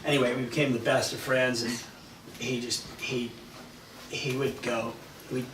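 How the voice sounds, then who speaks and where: A man's voice: medium pitch, little pitch movement, measured pace. A man in his fifties with a Californian accent, telling rambling travel stories in a casual interview, often laughing. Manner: laid-back, rambling, laughs often, acts out voices in anecdotes. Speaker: interview guest, former pro surfer. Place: large echoey room at a live event. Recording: distant mic, roomy echo, noisy ambience.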